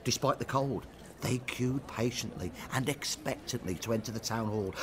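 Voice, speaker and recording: A man narrating a scripted historical account, measured, with rhetorical questions. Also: medium pitch, a bit bright.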